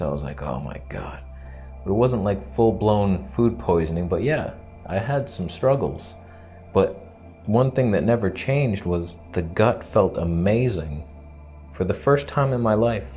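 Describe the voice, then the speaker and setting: A man's voice: on the low side, a little mellow. A man vlogging in a casual, candid and joking way, rambling from point to point. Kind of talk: casual vlog monologue.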